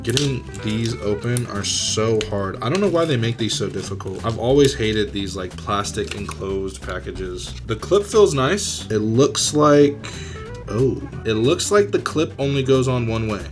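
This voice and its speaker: A young man vlogging casually as he unboxes and tests budget gear, chatty and excitable, with plenty of fillers. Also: on the low side, measured pace, music in the background.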